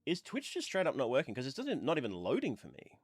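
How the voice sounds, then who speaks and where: Rambling, lively-voiced male streamer. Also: medium pitch, quick pace, breathy edge, dry recording. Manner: rambling, chatty, with many fillers. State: stuffy from a week of nose-blowing. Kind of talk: casual livestream chat.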